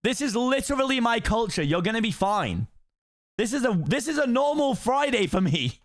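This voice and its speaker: A man's voice: extremely high pitch, very animated, moderate pace. A tipsy young British man chatting on a live stream in a rambling, giggly way. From Britain. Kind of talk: casual chat on a live stream.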